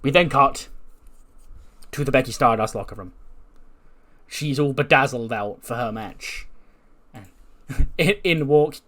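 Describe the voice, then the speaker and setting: A man's voice: medium pitch, a little slow, long pauses, fairly bright tone. A man giving casual game playthrough commentary, chatty and laughing often as he retells the action. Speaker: gaming video creator.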